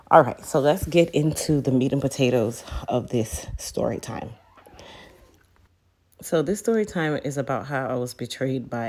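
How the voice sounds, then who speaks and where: A woman with a very low, mellow voice tells a story in a casual vlog. She talks chattily and speaks straight to her viewers. She sounds like a business owner in her thirties. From United States. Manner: chatty, addresses viewers directly. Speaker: hair care business owner.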